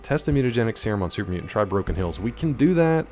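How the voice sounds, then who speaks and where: This young game streamer talks casually while playing, responding to chat and skipping between subjects. His lowish, darkish voice moves quickly with a sing-song lilt, and soft music plays underneath.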